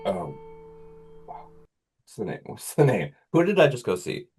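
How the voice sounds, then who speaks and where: Deep-voiced man with lively intonation. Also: unhurried, husky, faint music behind. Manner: teasing, hesitant with many ums. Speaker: podcast co-host. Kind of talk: casual chat.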